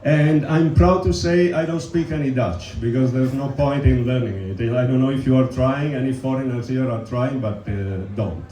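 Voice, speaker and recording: A man from Italy doing a dry, deadpan stand-up set, asking the crowd questions. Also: medium pitch, moderate pace, hardly any pauses, echoey room, poor audio. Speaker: stand-up comedian. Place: pub comedy stage.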